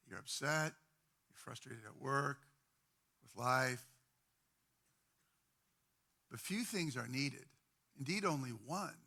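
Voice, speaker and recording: A man, a pastor, preaching a sermon in a conversational style, often repeating phrases and dropping to quiet, intimate tones. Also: medium pitch, vocal fry. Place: church.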